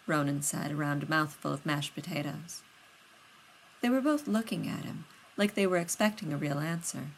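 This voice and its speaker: A woman with a lowish voice reads fiction aloud in a steady, unhurried way. It is plain audiobook narration with a faint hiss behind it. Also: low-quality recording. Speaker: reader.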